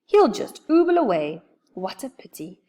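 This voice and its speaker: A woman voicing a sensible young girl who speaks gently and sounds a little worried, reading a storybook. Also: a little high, big pitch swings, normal speed. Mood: gentle.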